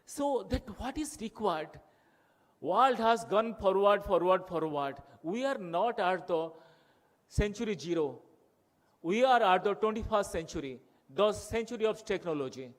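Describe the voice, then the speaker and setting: A man's voice: sits high, lively intonation, unhurried. A man from Odisha with an Odia-accented Indian English, giving an impassioned, rhetorical conference speech full of repetition. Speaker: conference speaker.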